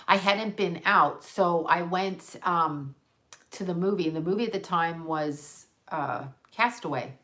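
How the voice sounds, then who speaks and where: A woman's voice: mid-range voice, a bit bright. A woman hosting a casual livestream, rambling and chatty in a conspiratorial way. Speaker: livestream host.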